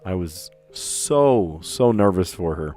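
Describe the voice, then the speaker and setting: A man's voice: deep voice, lively intonation, takes it slowly, mellow, faint music behind. A middle-aged man and teacher hosting a casual livestream, chatting and rambling with frequent exclamations while he solves puzzles.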